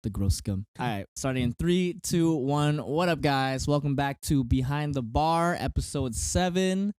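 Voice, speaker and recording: A man's voice: a little high, expressive, unhurried, darkish tone, smooth, no room sound, studio quality. A man co-hosting a casual podcast late at night over drinks in a rented holiday home, joking and laughing often. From Canada. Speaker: podcast co-host.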